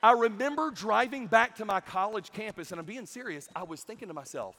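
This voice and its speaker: A young adult man giving a comedic youth sermon, telling stories in an animated way and mimicking the people in them. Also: high voice, brisk. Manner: animated storytelling with mimicked voices. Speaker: youth camp speaker. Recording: long hall reverb.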